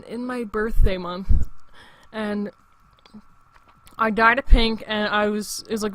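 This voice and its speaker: A man's voice: sits high, pushed and bright, no echo. A young man in his late teens, hosting his own show in a rambling, profane casual monologue full of restarts. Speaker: show host.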